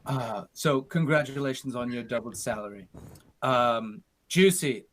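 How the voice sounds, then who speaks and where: A man's voice: mid-range voice, measured pace, a bit bright. A man doing a put-on British accent as a haughty news director who calls people darling, in online improv. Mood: pompous. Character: brusque male British news director, smug boss. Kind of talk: improv comedy. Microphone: home video call.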